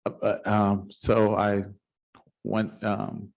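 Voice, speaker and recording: A man's voice: lowish voice, completely flat delivery, extremely slow, vocal fry, darkish tone, muffled recording. A middle-aged man, a city council member, telling a folksy, informal story at a council meeting. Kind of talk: anecdotal storytelling at a public meeting.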